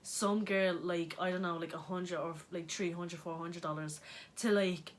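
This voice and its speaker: A woman's voice: lowish voice, steady tone, normal speed, slight background noise. A young woman recounting events in a casual vlog chat, chatty and full of fillers. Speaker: vlog co-host.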